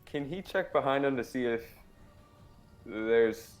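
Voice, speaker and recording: Male player, low voice, very slow, hesitant delivery, faint music behind. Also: lively intonation. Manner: hesitant, lots of ums. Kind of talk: casual tabletop play.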